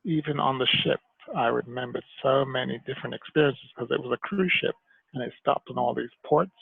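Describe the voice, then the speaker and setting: Gravelly, husky man on a tinny line. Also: mid-range voice, fairly quick, no echo. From Jamaica. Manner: animated storyteller, slips into mimicked voices. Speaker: guest. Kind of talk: conversational interview storytelling. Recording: tinny phone-like line, dry.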